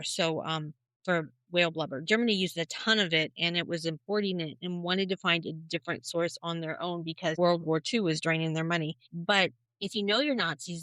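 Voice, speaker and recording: A woman co-hosting a podcast, telling a conspiracy story in a casual, animated storytelling way. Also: fairly low pitch, clear, resonant tone, no room sound, poor audio. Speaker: podcast co-host.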